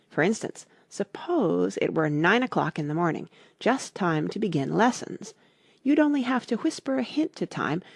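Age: adult. Sex: woman. Figure: a gloomy, haughty male hatter, as a woman reads him. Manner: lively, sing-song storybook delivery with a gravelly edge. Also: medium pitch, no echo, studio quality, pitched above the performer's own voice, exaggerated voice. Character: contemptuous, mournful eccentric male hatter. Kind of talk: audiobook character reading.

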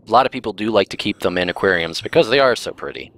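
Male let's play host, lowish voice, dry joking banter. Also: fast talker. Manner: wry, deadpan joking. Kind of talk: casual gaming commentary.

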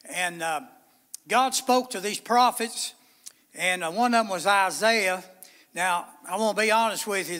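A bright-toned, fairly high-voiced man preaching in a church sanctuary. He talks in a folksy, plainspoken way, reading scripture and explaining it in everyday terms. The sound carries a long church reverb. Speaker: pastor. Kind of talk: midweek sermon.

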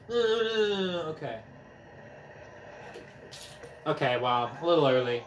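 Young male gamer, excitable trash-talker, out of breath, slow delivery, echoey room, picked up from across the room. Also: fairly high pitch, a little hiss or hum. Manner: excitable, trash-talking, yelps and whoops. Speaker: gaming vlogger. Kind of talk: casual gameplay commentary. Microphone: camera mic from a few steps away. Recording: echoey room, distant from mic.

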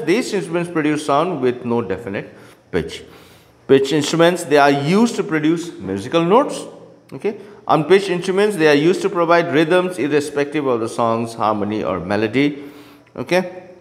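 A man's voice: on the high side, big-room sound. A male teacher explaining a lesson in an online class, often checking in with "okay" and "right?".

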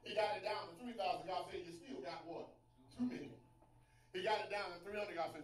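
A man's voice: high voice, fairly quick, echoey room, poor audio. A man preaching a sermon, asking rhetorical questions and restarting his sentences. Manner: call-and-response questions, stammering restarts.

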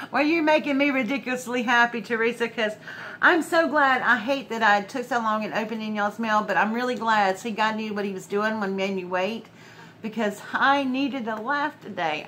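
A woman chats through a casual crafting vlog at home. She gushes and laughs often. Her voice is bright and a little tense, with faint background hum. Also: mid-range voice. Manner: effusive, gushing, laughs often. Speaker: crafting channel host.

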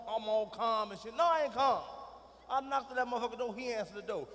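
A middle-aged man doing a profane stand-up comedy routine on a big arena stage, dropping from low muttering to shouting. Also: fast talker, a little hiss or hum. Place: large arena stage with audience. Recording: live hall recording with reverb.

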